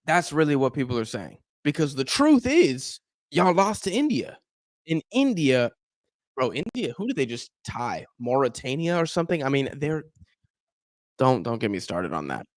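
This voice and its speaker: Speaking at a moderate pace in a mid-range voice, this young streamer runs a football watch-along, talking casually with his chat and commentating on the match. He gets animated and performs his fans' gripes about him. There's no echo.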